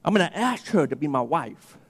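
Man, pastor, sermon, high voice, animated storytelling, echoing church hall. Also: brisk, breathy edge. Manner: animated storyteller, acting out dialogue. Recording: long hall reverb.

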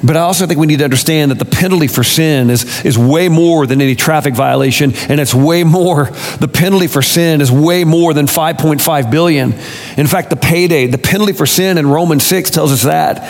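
A man's voice: on the high side, a little fast. A man preaching a casual, conversational sermon, full of rhetorical questions and self-corrections. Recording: long reverb of a large hall.

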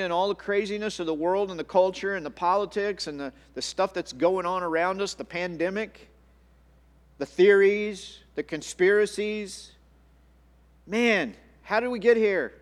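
Male pastor, sermon delivery, slightly high voice, earnest and repetitive, hall reverb. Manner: earnest, repeats words, restarts phrases. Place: church sanctuary.

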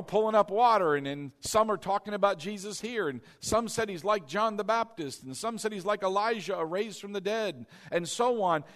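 A man's voice: sits high, a bit bright, big-room sound. A man preaching a sermon to his congregation as pastor, emphatic, repeating key lines and quizzing the crowd. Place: church sanctuary.

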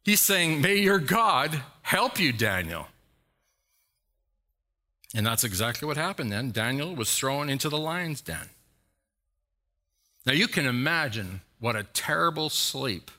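A male pastor preaching a sermon, retelling a scripture story with dramatic emphasis and sudden loud exhortations. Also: medium pitch.

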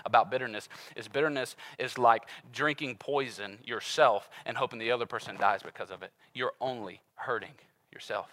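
Male preacher, bright and forceful tone, animated and conversational, acts out story voices. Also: medium pitch, normal speed, rough recording. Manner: casual, conversational preaching with fillers. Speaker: pastor. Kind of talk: sermon.

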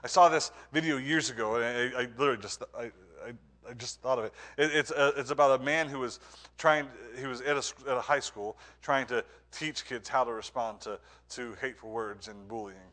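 A man preaching a sermon as pastor, earnest, moving between emphatic points and hushed, quiet lines. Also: mid-range voice, steady tone, fairly quick.

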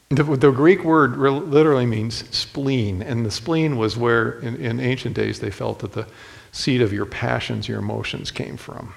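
Guy preaching, folksy and chatty, middle-pitched voice with some fry, big echoey room. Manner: folksy, storytelling, speaks directly to the men. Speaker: pastor. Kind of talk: sermon.

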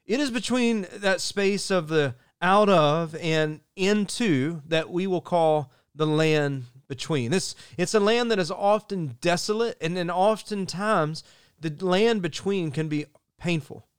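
A man delivers a sermon in an earnest, measured way, leaning on key phrases by slowing down. His voice sits a little high for a man and comes across smooth and resonant. The sound is dry, with no room around it. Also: no echo. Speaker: pastor.

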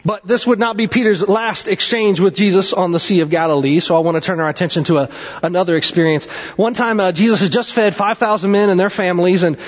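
A male pastor preaching a sermon, with dramatic swings in pitch and pace and chatty asides. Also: fairly even intonation, fast talker. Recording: dull sound with long hall reverb.

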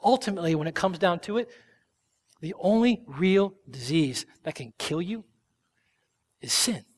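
A male pastor preaching a sermon with passion, swinging from loud emphasis to hushed whispers. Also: sits high, expressive, moderate pace, long reverb tail.

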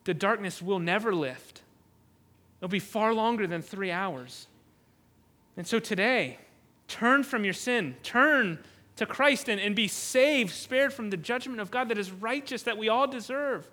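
Male pastor, high bright voice, earnest sermon delivery with frequent restarts. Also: expressive, measured pace. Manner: earnest, repeats words when restarting, rises to loud cries on emphasis.

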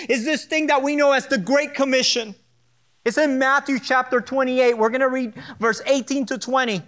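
High-voiced man preaching a sermon. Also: fairly bright tone. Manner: earnest, emphatic preaching with repetition and asides. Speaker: pastor. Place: church sanctuary.

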